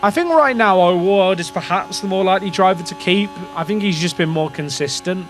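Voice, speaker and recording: High-voiced English man streaming a game. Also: brisk, fairly bright tone, soft background music. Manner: rambling, self-questioning, talks to chat. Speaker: gaming streamer. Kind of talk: casual live game commentary.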